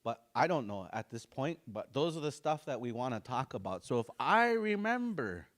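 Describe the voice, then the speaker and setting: A man's voice: medium pitch, very animated, normal speed, a bit bright. A man teaching a language class, repeating words and explaining them with examples.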